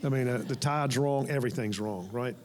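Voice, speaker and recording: A man's voice: medium pitch, fairly quick, darkish tone. Man recalling a fishing trip on a panel. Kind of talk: anecdotal storytelling on a panel. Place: indoor event venue.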